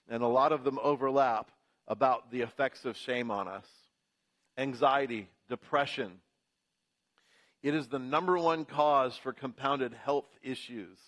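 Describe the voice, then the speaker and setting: A pastor preaching a sermon in church, building emphasis through rhythmic repetition. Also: male voice, medium pitch, fairly bright tone.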